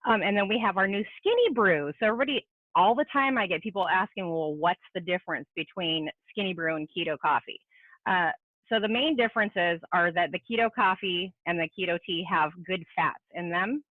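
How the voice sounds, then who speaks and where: A woman giving a brisk, practical product explanation as a guest expert on a video call. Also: lowish voice, dry recording. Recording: tinny dry phone-like call audio.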